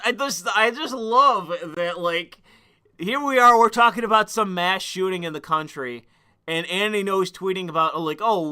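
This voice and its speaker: A young man streaming and rambling crudely, bursting into excited outbursts. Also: fairly high pitch, clear, resonant tone. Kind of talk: casual stream commentary.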